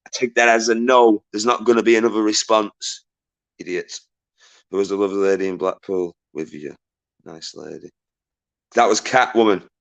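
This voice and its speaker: Low-voiced man ranting on a livestream. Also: normal speed, vocal fry. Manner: agitated and ranting, swears often, shouts out viewers. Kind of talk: livestream chat reading viewer messages.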